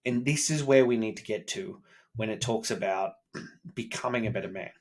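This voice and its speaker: A man's voice: fairly low pitch, moderate pace, darkish tone. A man, talking bluntly and with a lot of swearing, candid and self-critical, in a personal vlog monologue. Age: 30s. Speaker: self-improvement vlogger, father.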